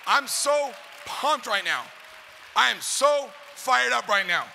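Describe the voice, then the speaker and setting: A man giving a fast-firing motivational speech to a live audience, pumping up the crowd with call-and-response questions and shouts. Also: very high-pitched, lively intonation, gravelly, slight background noise. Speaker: motivational speaker. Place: large event hall. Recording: hall reverb, live event.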